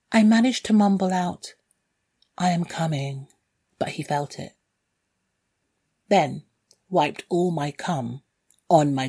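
A woman's voice: deep voice, a little mellow, breathy edge. A woman reading a first-person story in a candid, dryly wry way. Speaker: narrator.

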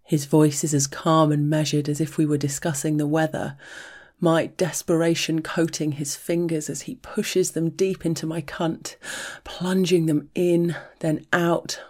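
A woman reading an intimate audio story aloud in a soft, unhurried scripted narration. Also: low voice. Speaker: story reader.

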